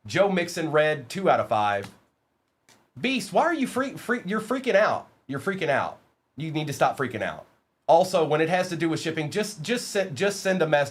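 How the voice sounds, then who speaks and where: A man hosting a live-streamed trading card break, chatting with viewers by name and reading out lists of players. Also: mid-range voice. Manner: talks to chat viewers by name, reads lists of names quickly. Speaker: livestream card break host. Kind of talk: casual live-stream chat.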